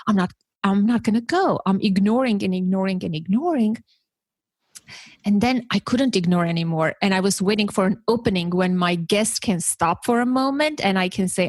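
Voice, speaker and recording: A woman podcast host telling stories in a casual, animated way, acting out the voices she quotes. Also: moderate pace, no echo. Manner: animated, acts out quoted voices with big pitch jumps. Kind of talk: casual conversational storytelling.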